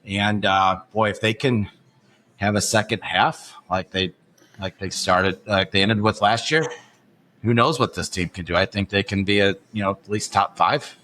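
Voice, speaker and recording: A man with a low-pitched but bright, forceful voice talks sports on a podcast. He speaks casually and pauses often on "um" as he gathers his thoughts. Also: slight background noise. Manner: hesitant, frequent "um" fillers. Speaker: podcast co-host.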